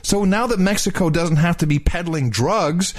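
A male host with a high voice chats casually about politics at a moderate pace. He rambles, leans sarcastic, and laughs often.

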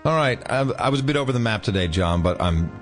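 Lively, joking podcast co-host man. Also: mid-range voice, fast, faint music behind. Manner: loose, joking, animated banter with laughs. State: jet lagged. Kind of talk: casual chat. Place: United Kingdom.

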